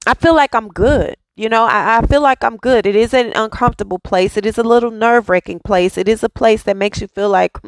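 A woman's voice: fairly high pitch, fairly quick, few pauses, dry recording. A woman hosting a daily devotional, speaking with fervent, repetitive affirmations and casual asides to her listeners. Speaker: devotional host.

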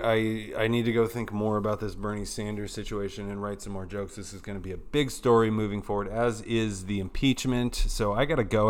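A man's voice: on the low side, a bit bright. A man hosting a satirical fake news podcast in a mock-newscaster delivery with profane asides. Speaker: host.

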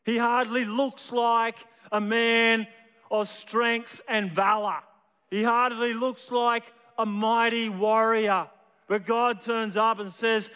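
A man's voice: extremely high pitch, little pitch movement, slow pace, sharp tone, smooth, long reverb tail. A man preaching a sermon as a storyteller, often repeating his words as he builds a point. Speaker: pastor.

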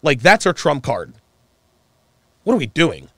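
Mocking animated male podcast host. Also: a little high, measured pace, no echo, studio quality. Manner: mocking, mimics others in exaggerated voices. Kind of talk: opinionated commentary on a live call-in stream.

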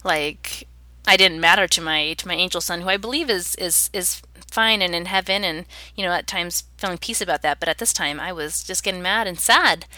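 A woman's voice: on the low side, moderate pace, pushed and bright, dry recording. A woman in her thirties, an interview guest, telling a personal story in an earnest, reflective way.

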